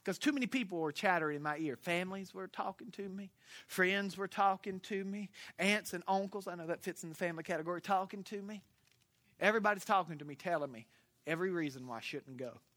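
Folksy Southern pastor with a bright voice. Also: male voice, high-pitched, fast talker. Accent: Southern US (Florida). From Florida. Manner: humorous storytelling, folksy. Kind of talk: sermon.

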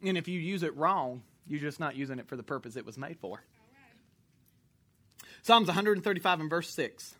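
A pastor preaching to a congregation in church, animated and joking, sometimes shouting. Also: male voice, on the high side, normal speed, pauses often. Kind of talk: sermon.

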